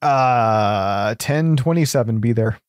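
A man guesting on a casual podcast, joking and halting with fillers as he talks. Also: medium pitch, clear, resonant tone, no room sound, clean studio sound.

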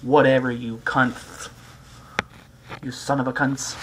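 A man rambles through a casual vlog at a hyper clip, crude and joking. His pitch sits in an ordinary middle range, with a faint hiss of noise behind him. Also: level tone, slow pace, long pauses, poor audio. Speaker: vlogger.

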